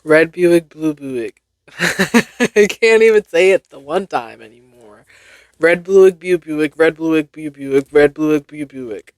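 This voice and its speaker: A woman's voice: sits low, takes it slowly, darkish tone, dry recording, clean studio sound. A young woman hosting a casual solo podcast, reading tongue twisters aloud and laughing at her own stumbles. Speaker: podcast host.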